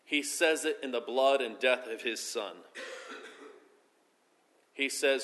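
A pastor delivers a sermon in a bright, forceful male voice. He presses key phrases with emphasis, then lets sentences fall away quietly and slowly. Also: mid-range voice. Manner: preaching with rising emphasis and soft, slow drops at phrase ends.

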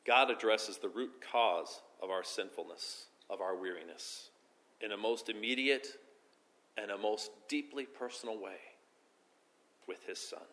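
A pastor delivers a sermon in a bright, forceful male voice. He presses key phrases with emphasis, then lets sentences fall away quietly and slowly. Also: on the low side. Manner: preaching with rising emphasis and soft, slow drops at phrase ends.

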